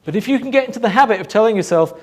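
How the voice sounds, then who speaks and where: A man giving a motivational talk to a live audience, asking rhetorical questions and pausing for emphasis. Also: high voice, lively intonation. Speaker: motivational speaker.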